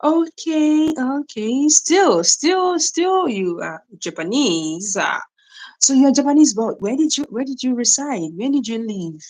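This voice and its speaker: A woman's voice: high-pitched, animated, a little slow, darkish tone, rough recording. A young woman from Nigeria, hosting a casual live stream, greeting viewers by name and often checking in with "right?" and "you know". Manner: greets viewers by name and reads their comments.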